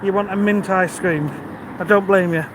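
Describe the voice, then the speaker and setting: A man's voice: sits high, fairly even intonation, normal speed. A man, chatting on a live stream while walking outdoors and reading out viewer comments. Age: 50s. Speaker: vlogger. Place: outdoors by a busy road in the evening. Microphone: phone held while walking. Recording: outdoor phone recording with traffic noise.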